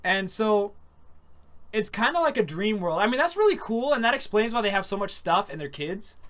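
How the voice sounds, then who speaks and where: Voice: mid-range voice, big pitch swings, moderate pace, a bit bright. Laid-back rambling anime podcast host. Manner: rambling, laughs often, says dude and man. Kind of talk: casual chat about anime.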